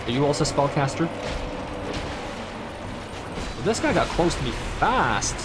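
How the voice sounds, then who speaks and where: A man's voice: a little high, very animated, unhurried, pauses often, loud music behind the voice. A man streaming gameplay, muttering at enemies in an impatient, grumbling way and speaking in a made-up accent. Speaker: game streamer. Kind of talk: live gameplay commentary.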